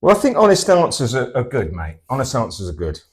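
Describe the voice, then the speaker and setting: A man's voice: medium pitch, huge pitch swings, fast talker. A man with a Portsmouth English accent, bantering and teasing with dry quips in a comic sketch. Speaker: comedy double-act host.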